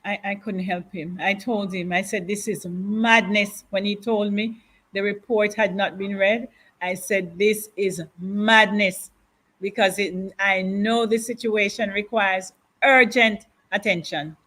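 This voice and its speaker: A grieving woman gives interview testimony, slowly and deliberately, with heavy repetition. Her voice is bright and tense, and she takes her time over every phrase. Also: medium pitch, steady tone. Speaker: widow of a councillor, guest.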